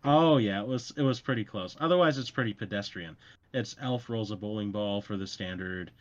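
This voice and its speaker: A man's voice: on the low side, brisk, dull audio. A young man chatting casually on a podcast, telling stories in a rambling, self-mocking way with plenty of fillers. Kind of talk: casual chat.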